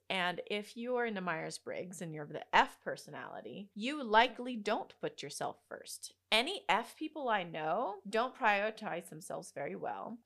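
A young adult woman hosting a casual solo podcast, telling stories with lots of laughter. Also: medium pitch. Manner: animated storyteller, laughs often. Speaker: podcast host.

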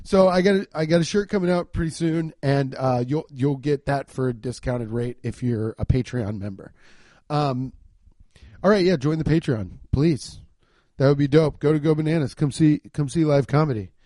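Rambling, profane podcast comedian. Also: male voice, fairly high pitch, moderate pace, warm tone, dry recording. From Cincinnati, USA. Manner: rambling, profane, repeats words as he restarts. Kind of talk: casual podcast rant.

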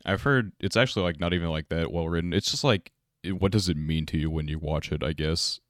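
Low-voiced young man, rambling podcast chat. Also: fast, fairly bright tone, no echo, clean studio sound. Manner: laid-back, rambling, frequent laughs. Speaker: podcast co-host.

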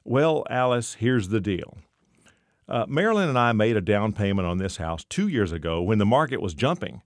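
A man's voice: on the low side, sing-song, moderate pace, dry recording, studio quality. Man voicing a scheming bartender in his forties. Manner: conspiratorial, hesitant with uhs.

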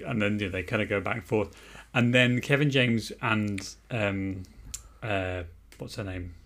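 A man's voice: fairly low pitch, a little slow, fairly bright tone. Male podcast host, loose and rambling, steers the talk. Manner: rambling, many restarts, leads the discussion. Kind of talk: casual chat.

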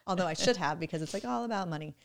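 A woman in her thirties, a mother chatting casually on a podcast, animated and often laughing. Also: on the low side, racing, creaky. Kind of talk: casual chat.

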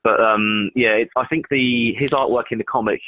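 A man's voice: medium pitch, steady tone, normal speed. A man co-hosting a podcast, explaining his views on a film in a casual chat. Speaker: podcast co-host. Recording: tinny phone-like line.

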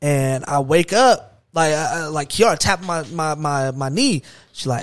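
Young guy, kinda high voice, hyped storytelling, lots of slang. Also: normal speed, hardly any pauses, no echo. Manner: animated, excitable, heavy slang. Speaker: podcast guest. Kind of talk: casual storytelling chat.

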